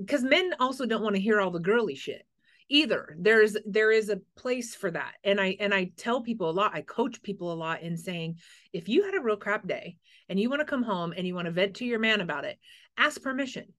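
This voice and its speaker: This is a woman from the United States in casual conversation, who talks frankly and vividly. She often slips into little acted-out quotes as she tells a story. Her pitch sits in a middling range for a woman. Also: lively intonation, brisk. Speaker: podcast host. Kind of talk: casual chat.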